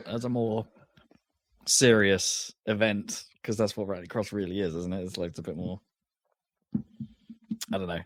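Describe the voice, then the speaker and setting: A man's voice: fairly low pitch, unhurried, long pauses, no room sound. A man co-hosting a podcast in casual chat, rambling with lots of restarts and fillers. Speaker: podcast co-host.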